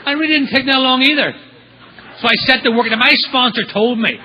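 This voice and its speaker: A man's voice: very high-pitched, brisk, dull audio, slight background noise. A man speaking at a recovery meeting, telling his story with humor and acting out the voices of people in it. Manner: animated storyteller acting out quotes.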